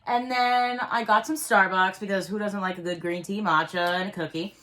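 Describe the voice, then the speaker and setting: A woman telling a story in a casual chat, rambling and animated, with lots of filler words. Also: medium pitch, normal speed.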